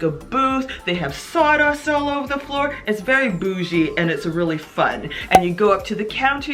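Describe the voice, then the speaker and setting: A woman beauty vlogger chatting while doing her makeup, telling a story with lots of laughter and acted-out quotes. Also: medium pitch. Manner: animated, laughing, acts out voices in her story. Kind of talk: chatty get-ready-with-me storytelling.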